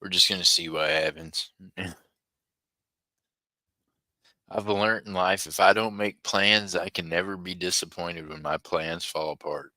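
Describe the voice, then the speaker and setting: A man's voice: low voice, steady tone, measured pace, pauses often, sharp tone, no echo. A man hosting a live online auction and chatting with viewers in a folksy, laid-back way. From United States. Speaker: livestream auction host. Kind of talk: casual live-stream chat with viewers.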